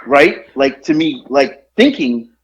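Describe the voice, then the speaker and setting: A man telling a story on a podcast in casual chat, animated and rambling, with lots of fillers and laughs at his own tale. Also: mid-range voice, takes it slowly, rough recording.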